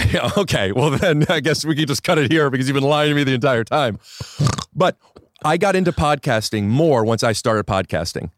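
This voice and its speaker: A male comedian guest on a podcast outdoors, chatting casually with wry, deadpan jokes. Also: mid-range voice, normal speed, dry recording, clean studio sound. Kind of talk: casual chat.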